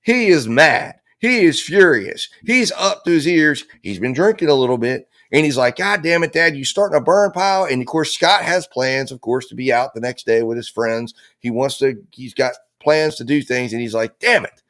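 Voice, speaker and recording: A man in the middle of the male pitch range lays out his theory of a case as a commentator. He pushes his points hard and repeats phrases for emphasis. He drops curses without hesitation. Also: lively intonation, normal speed, hardly any pauses, a bit bright. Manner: emphatic and blunt, with frequent profanity and repeated phrases. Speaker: host of a true crime legal analysis show. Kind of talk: impassioned legal commentary.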